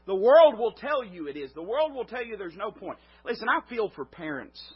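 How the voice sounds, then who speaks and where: A male preacher giving a sermon in an emphatic way, his voice swelling and then dropping low. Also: sing-song, normal speed, husky. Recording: dull lo-fi recording.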